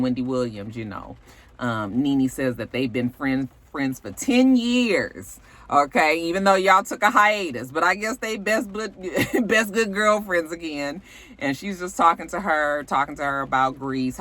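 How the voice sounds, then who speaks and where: A woman's voice: deep voice, fairly bright tone. A young adult woman giving a blunt, gossipy recap of a reality show, full of asides and swearing. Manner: sassy, blunt, gossipy, with frequent asides and profanity. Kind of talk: casual recap commentary.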